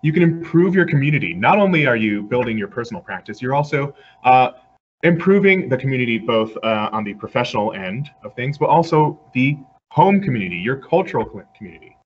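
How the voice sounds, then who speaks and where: A man's voice: mid-range voice, expressive, brisk. A man from Puerto Rico giving an earnest, conversational online lecture and answering questions, with frequent fillers. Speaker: guest lecturer. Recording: slightly dull video-call audio with faint background noise.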